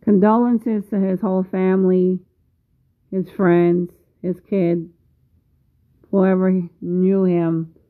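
A woman in her late fifties speaks in a slightly low voice at a very slow, deliberate pace. She pauses often as she talks to her viewers. The sound is thin and phone-like. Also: flat delivery. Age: 50s. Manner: slow, measured, pausing often. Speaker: vlogger. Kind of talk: casual video commentary.

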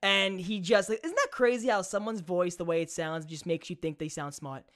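Male podcast co-host, crude and jokey, bright cutting tone over a call. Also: high voice, moderate pace. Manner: rowdy, profane, jokey. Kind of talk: casual podcast banter. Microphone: video call.

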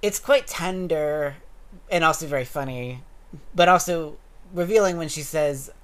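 A man's voice: a little high, unhurried. A man co-hosting a podcast, talking through an episode in casual chat with thoughtful, academic phrasing and bursts of laughter. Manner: animated, laughs while making points. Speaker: podcast co-host.

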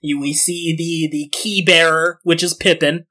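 A man narrating a tabletop game as game master, chatty and quick, often laughing. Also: on the high side, little pitch movement, pushed and bright.

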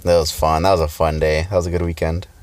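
Young male podcast co-host, deep low voice, profane casual storyteller. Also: level tone, quick pace, a little mellow, clear, resonant tone, dry recording. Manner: profane, storytelling, laughs often. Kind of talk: casual chat.

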